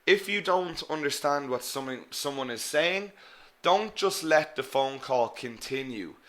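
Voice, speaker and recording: Man, english teacher, online lesson, bright crisp tone, coaching. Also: on the high side, animated. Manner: coaching, repeats example phrases slowly.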